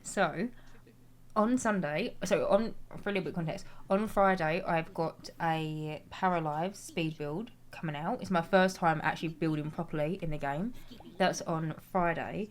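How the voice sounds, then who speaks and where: Young British woman streamer, slightly low voice, talks easily while gaming. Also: moderate pace. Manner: chatty, reads chat aloud and answers, swears casually. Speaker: game streamer. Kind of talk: casual live-stream chat.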